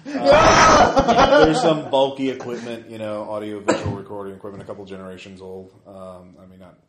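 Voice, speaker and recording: Man, game master, low voice, hesitant narration, echoey room. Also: animated, moderate pace, very noisy. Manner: hesitant, filler-heavy.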